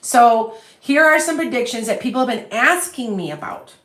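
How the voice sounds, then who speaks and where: This psychic medium's voice is on the high side, expressive and a bit bright, moving at a moderate pace. A Midwesterner with a Chicago accent, she chats casually and self-assuredly on a livestream, wandering between thoughts into a phone on a stand. The recording has roomy echo.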